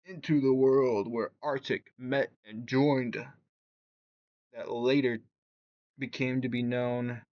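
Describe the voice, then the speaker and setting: Slow, hesitant man on a dull dry mic. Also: medium pitch. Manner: hesitant, stumbling over words, many fillers. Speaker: YouTube reviewer. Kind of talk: casual commentary reading bios aloud.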